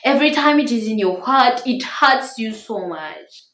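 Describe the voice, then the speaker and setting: Woman, tender small voice, high and animated, earnest devotional talk, roomy echo. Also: normal speed. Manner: earnest, encouraging, stresses words. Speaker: Christian marriage-tips YouTuber.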